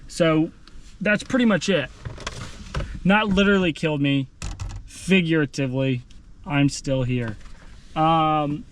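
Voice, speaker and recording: A man talks in a slightly high voice, rambling and self-deprecating. He sounds sweaty and winded from running. He is recorded outdoors on a handheld phone with faint traffic noise behind him. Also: takes it slowly, pauses often. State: sweaty, out of breath after running. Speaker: vlogger. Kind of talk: casual running vlog.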